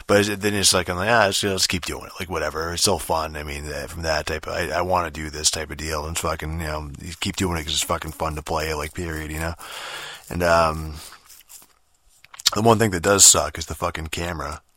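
A man's voice: rumbling low, fairly even intonation, fairly quick, fairly bright tone, dry recording, studio quality. A man giving a casual, rambling game review, swearing constantly and full of fillers and restarts.

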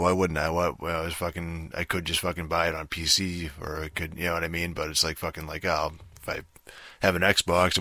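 To camera, a man rants casually about a game release, rambling and frustrated, swearing constantly and using lots of fillers. His voice sits low but sounds bright and forceful, with no room sound.

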